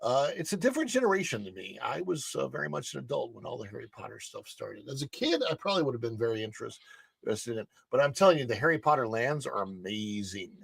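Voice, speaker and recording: A man's voice: medium pitch, sing-song, quick pace, gravelly, slightly rough, no echo. A middle-aged man hosting a livestream news show, reading articles aloud with chatty asides and fillers. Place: studio.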